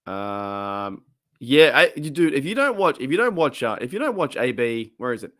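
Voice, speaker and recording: Australian male stream host, rambling chatty delivery, mid pitch, dry close-miked sound. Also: normal speed, dry recording. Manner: rambling, chatty, laughs often, lively swings in pitch. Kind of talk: casual live stream chat.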